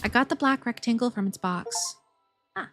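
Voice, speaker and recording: A woman's voice: on the high side, expressive, moderate pace, fairly bright tone, faint music behind. A woman streamer reading a game's story aloud, playful and giggly, swearing when startled.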